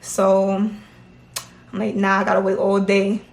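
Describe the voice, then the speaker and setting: Animated woman telling a story, echoey room. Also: mid-range voice, measured pace, vocal fry. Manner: animated, laughing, mimics others' replies. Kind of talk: casual storytime chat.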